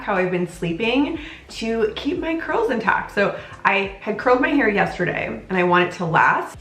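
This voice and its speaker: A woman in her thirties, a vlogger and working mom, chats casually and bubbly to camera in a lifestyle vlog, speaking straight to her viewers and calling them "you guys." Her voice is mid-range and a bit bright.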